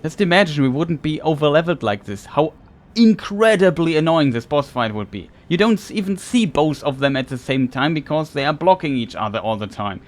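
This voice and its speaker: A man's voice: a little high, expressive, fairly quick. A man playing a video game and ranting in exasperation about its design, often stumbling and repeating words when upset. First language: German. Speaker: let's play gamer. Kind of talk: frustrated gameplay commentary.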